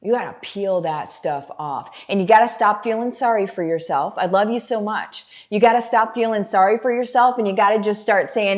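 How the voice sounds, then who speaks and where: A woman's voice: mid-range voice, fairly quick, few pauses. A middle-aged woman hosting a motivational livestream, talking fervently and directly to her viewers in a preachy way. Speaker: business coach and livestream host.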